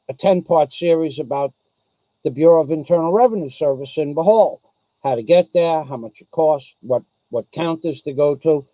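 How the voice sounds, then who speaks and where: Sarcastic ranting male vlogger, mellow voice. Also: fairly high pitch, dry recording, rough recording. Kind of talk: casual rant to camera.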